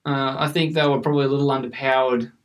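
A man hosting a casual cricket podcast, chatting in a relaxed way with frequent fillers. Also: mid-range voice, fast talker, distant mic. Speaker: podcast host. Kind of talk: casual chat.

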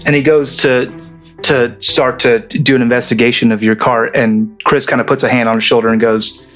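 A man narrating a tabletop role-playing game as game master, relaxed and laughing often. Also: medium pitch, moderate pace, soft background music.

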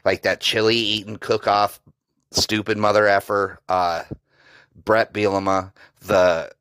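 A man's voice: fairly low pitch, level tone, a little slow, a bit bright, smooth, dry recording, rough recording. A man hosting a solo sports podcast, ranting sarcastically and profanely about a rival team's staff. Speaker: podcast host. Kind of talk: solo sports reaction rant.

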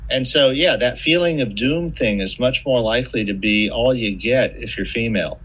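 Podcast guest: a man with a bright, forceful voice and an animated, storytelling delivery, casual and profane. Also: medium pitch, moderate pace, slightly rough, rough recording. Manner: animated storyteller, swears freely. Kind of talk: casual conversation.

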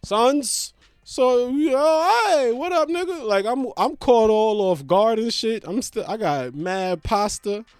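A man telling a comedic rant, dropping into low put-on voices when he mimics others. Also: slow, smooth, no echo, studio quality. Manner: exaggerated, swings into low put-on voices for callers. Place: indoors at home.

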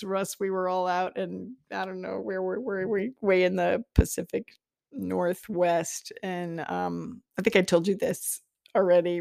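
A woman's voice: fairly low pitch, vocal fry, a little mellow, no echo, clean studio sound. A woman hosting a podcast in a chatty, rambling monologue, laughing often and talking straight to the listener. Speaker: podcast host, psychic teacher. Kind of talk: casual monologue.

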